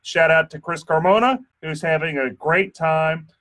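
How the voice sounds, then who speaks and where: A man's voice: on the high side, normal speed, fairly bright tone. A man hosting a casual radio talk show from a studio, chatty and joking, often restarting his sentences. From Texas. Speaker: radio show host and insurance attorney.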